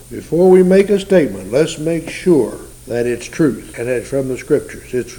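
A man's voice: medium pitch, dark tone, rough recording. A man preaching a sermon in a folksy, conversational teaching style, asking his listeners rhetorical questions.

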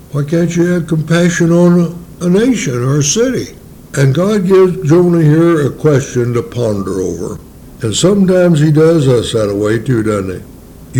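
A man preaching in a mellow, relaxed voice, with a folksy, homespun manner. He keeps tagging on rhetorical questions to the listeners and slows down when he reads the old-fashioned scripture. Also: on the high side, slight background noise, low-quality recording. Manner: reads scripture in King James wording, slowing down. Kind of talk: sermon.

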